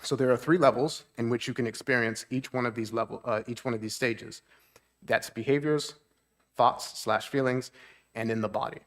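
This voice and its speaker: A man's voice: mid-range voice, fairly even intonation, moderate pace. A man, a therapist, giving a talk at a church seminar. He explains things plainly, keeps checking in with the audience, and lifts his voice to act out moods.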